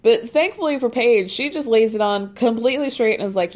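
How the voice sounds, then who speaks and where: Recapping a reality show on her podcast, a woman tells the story in an animated, chatty way, swearing freely and laughing at her own asides. Her voice is on the high side and brisk.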